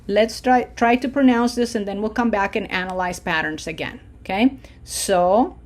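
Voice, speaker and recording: A woman teaching a language lesson, modeling words slowly for repetition and checking in with frequent "okay?". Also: mid-range voice. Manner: patient, drawn-out model phrases for repetition. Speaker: Spanish teacher. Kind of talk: slow pronunciation lesson.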